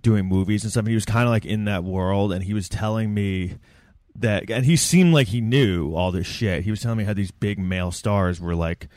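A man's voice: lowish voice, normal speed, darkish tone, dry recording, clean studio sound. A man co-hosting a podcast, telling rambling, joking stories in casual chat. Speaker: podcast co-host.

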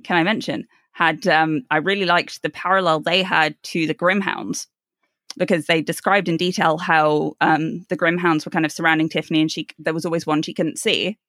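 A woman co-hosting a casual book discussion podcast, chatty, laughing often and throwing in animated asides. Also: low-pitched, normal speed, no room sound, studio quality. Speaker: podcast co-host.

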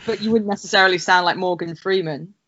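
Woman co-host, casual explainer, lowish voice, muffled lo-fi recording. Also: fast, a bit bright. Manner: explains at length with many "like" fillers. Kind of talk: casual chat. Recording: dull lo-fi sound.

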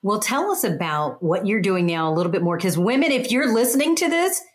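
A woman's voice: mid-range voice, sing-song, a little fast. A woman hosting a podcast, interviewing her guest with enthusiasm. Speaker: podcast host.

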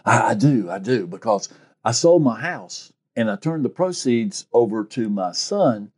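A man voicing a tearful elderly grandmother who has been caught stealing and pleads in a high, shaky voice. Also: animated, measured pace, a little mellow, breathy edge. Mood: confessing.

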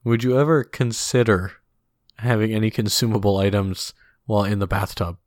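A man's voice: on the low side, steady tone, normal speed, dry recording. A man co-hosting a podcast in casual chat, with a dry, teasing way of talking. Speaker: podcast co-host.

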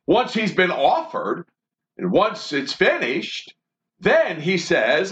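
A man's voice: high-pitched, big pitch swings, unhurried, a bit bright. A man leading a Bible study, reading scripture aloud and then explaining it in an earnest way. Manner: earnest, reads verses then expounds. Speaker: Bible teacher. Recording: dull lo-fi recording.

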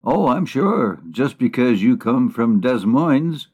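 A man with a middle-pitched voice co-hosting a casual comedy podcast. He talks in a playful, wisecracking way and ribs his partner. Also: sing-song, slow pace, a little mellow, breathy edge. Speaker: podcast co-host. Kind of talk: casual comic chat.

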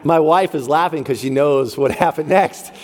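A pastor preaching a sermon, lively and talking straight to his congregation during a church service. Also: fairly high pitch, moderate pace. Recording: long reverb of a large hall.

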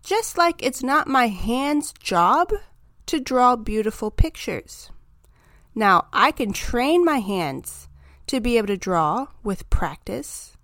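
A woman hosting a self-help podcast, talking through her ideas in a calm, reflective, encouraging monologue. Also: on the high side, takes it slowly, dry recording, clean studio sound. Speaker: podcast host.

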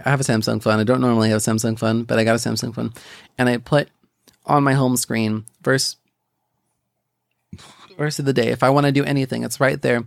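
Gravelly young man sharing a faith story. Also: medium pitch, dry recording, clean studio sound. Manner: rambling, halting, many restarts and fillers. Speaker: podcast host. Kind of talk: personal faith testimony.

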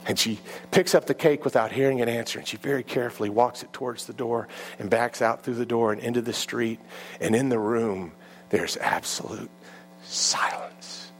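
Halting male preacher telling a story. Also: steady tone, a little hiss or hum. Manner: halting, repeating words, often dropping low and quiet. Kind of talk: sermon storytelling.

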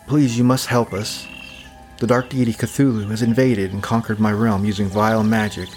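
A man's voice: on the low side, flat delivery, moderate pace, a little mellow, faint music behind, close to an everyday voice. A man voicing a wounded young woman knight who pleads desperately for help. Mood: pleading.

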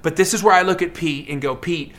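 A man preaching a sermon in a lively, conversational way, acting out characters in quick asides. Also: a little high. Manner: animated, acts out characters in asides; fast, conversational preaching with many fillers. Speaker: pastor.

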